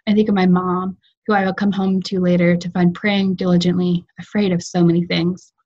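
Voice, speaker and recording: Woman writer, literary reading, measured storytelling, husky low voice, muffled video-call sound. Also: flat delivery, a little mellow. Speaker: fiction writer reading her work.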